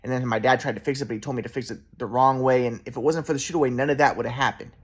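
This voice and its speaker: A man's voice: mid-range voice, fairly even intonation, racing, slightly rough. A man in his twenties telling a rambling personal story to the camera, repeating himself and restarting sentences. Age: 20s. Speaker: vlogger.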